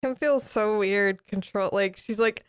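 A woman playing in a tabletop game, tossing in quick joking asides. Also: mid-range voice, clear, resonant tone. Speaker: player. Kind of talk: casual chat at a tabletop game.

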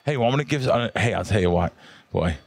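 A man's voice: lowish voice, expressive, quick pace, creaky, no echo. A man chatting casually on a sports betting radio show, rambling and joking with plenty of restarts. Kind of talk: casual chat.

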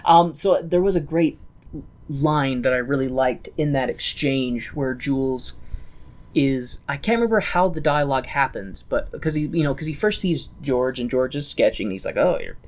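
A man's voice: medium pitch, normal speed. A man co-hosting a casual podcast, rambling through a recap and acting out lines with laughs. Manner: rambling, loses his train of thought, acts out quotes with laughs. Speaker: podcast co-host.

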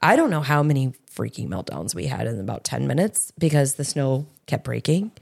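Low gravelly woman cohost, rambly storytelling, casual chat. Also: sing-song, brisk, darkish tone. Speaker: podcast co-host.

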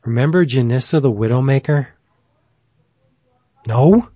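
A man's voice: medium pitch, lively intonation, measured pace, warm tone, husky, no room sound, highs cut off. A man hosting a casual chat who rambles enthusiastically, with plenty of fillers. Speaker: podcast host.

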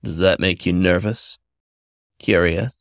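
A man voicing a teasing, confident male incubus demon in an audio story, speaking slowly and low in a seductive purr. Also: no room sound, studio quality. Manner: slow, low, seductive purring.

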